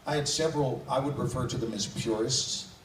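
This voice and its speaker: A guest actor on a convention panel banters playfully with the audience, his medium-pitched voice running a little fast. Someone in the crowd captured it on a phone, so the sound is distant, echoey, and noisy.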